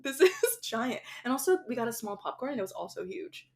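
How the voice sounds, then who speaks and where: A woman's voice: on the high side, sing-song, a little fast. A young woman co-hosting a casual podcast, laughing often and telling stories with animation. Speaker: podcast co-host. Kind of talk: casual chat.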